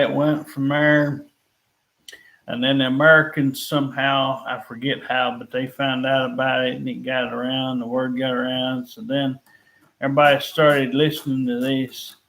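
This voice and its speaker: A man's voice: mid-range voice, fairly bright tone, low-quality recording. A man in casual chat, explaining things in a rambling, folksy way. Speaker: live stream guest.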